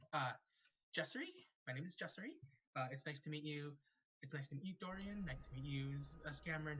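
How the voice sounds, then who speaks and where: A man's voice: mid-range voice, pushed and bright, highs cut off, a little hiss or hum, natural voice. A man voicing a flustered little gnome woman. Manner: hurried, keeps apologizing. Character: small female gnome, flustered and apologetic.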